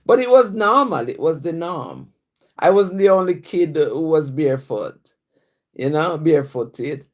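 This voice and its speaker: Slow-spoken Jamaican woman reciting poetry. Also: low-pitched. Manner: rhythmic rhyming recitation in patois, then relaxed chat with fillers. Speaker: writer and poet. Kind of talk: reciting own poems and chatting on a live stream.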